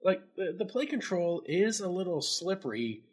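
A man co-hosting a casual game-review chat who laughs often and gets excited easily. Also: high-pitched, husky. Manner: giggly, excitable, quick to laugh. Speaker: co-host.

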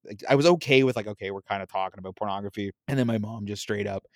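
A man's voice: fairly low pitch, racing, no echo. Guy in his 30s rambling through an embarrassing family story, does the voices, laughs a lot, dry sound. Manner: animated storytelling, acts out relatives' voices, laughs often. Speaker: storyteller guest. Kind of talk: casual chat.

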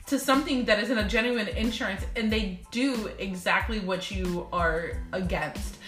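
Bright, laughing woman telling stories. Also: mid-range voice, moderate pace, echoey room, faint music behind. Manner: animated storyteller, laughs a lot, acts out callers. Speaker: guest telling work stories. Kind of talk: casual chat.

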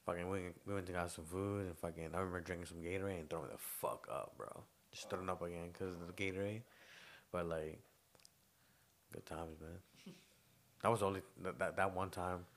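A man's voice: low voice, fairly even intonation, fairly quick. A young man co-hosting a podcast, telling rambling stories in casual chat with lots of slang and laughter. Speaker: podcast co-host.

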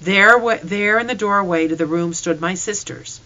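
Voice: medium pitch, normal speed, bright, forceful tone, low-quality recording. A reader narrating a storybook in first person with an earnest, emotional delivery.

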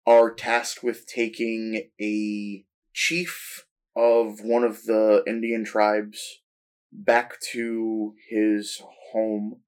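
Slow, low-voiced man summarizing a film. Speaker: podcast co-host. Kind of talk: casual film review chat.

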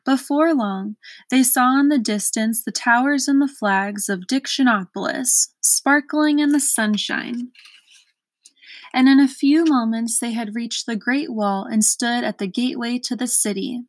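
Woman, storybook read-aloud, expressive, measured, unhurried, higher voice. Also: dry recording. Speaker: storybook reader.

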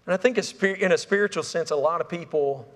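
A man preaches in a church, his voice a touch higher than most men's. He talks to the congregation like friends, stumbling over repeated words and asking them questions. A long reverb from the hall hangs on his words. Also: fast, a bit bright. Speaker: pastor. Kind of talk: sermon. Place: church sanctuary.

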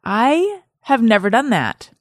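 A woman's voice: fairly high pitch, big pitch swings, takes it slowly, no echo. Chatty lady host, bouncy voice, goes off on tangents, dry mic. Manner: chatty, playful, rambling. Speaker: podcast host. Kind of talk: casual chat.

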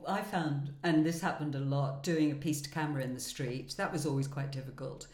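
A woman's voice: low voice, fairly quick, a little mellow. A woman in her sixties, a former broadcaster and podcast co-host, telling self-deprecating anecdotes with frequent laughter. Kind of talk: casual chat, anecdotes. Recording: roomy echo.

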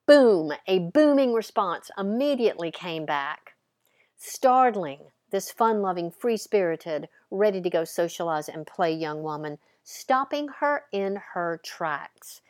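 A woman's voice: mid-range voice, lively intonation, unhurried, no echo. Playful woman podcast host, dry sound. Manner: playful dramatic storytelling with voiced characters. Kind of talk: storytelling monologue.

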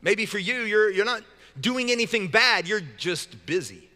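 A man's voice: high-pitched, lively intonation, normal speed, bright, forceful tone, in a large hall. A man preaching a sermon as pastor, talking in a casual, joking way with frequent stumbles and restarts. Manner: conversational and joking, with many repeated restarts.

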